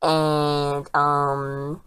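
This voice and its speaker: A woman's voice: deep voice, monotone, extremely slow, a bit bright, smooth, dry recording, poor audio. A woman casually retelling a TV episode as a reviewer, rambling and chatty, and often quoting the characters. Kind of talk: casual spoken recap.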